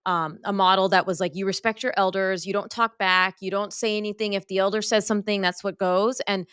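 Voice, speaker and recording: A woman hosting a podcast, talking in a casual, earnest way as she opens up with personal stories. Her voice sits at an ordinary middle pitch. The recording is close and dry, with no room sound. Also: steady tone, fairly quick, fairly bright tone, clear, resonant tone, dry recording. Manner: earnest, open personal storytelling. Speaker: podcast host and pediatrician. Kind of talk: casual interview chat.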